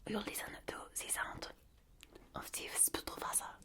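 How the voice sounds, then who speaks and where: A woman's voice: moderate pace, close to an everyday voice. A woman voicing a whispered ASMR role with a put-on German accent, in a clipped, formal manner. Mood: calm.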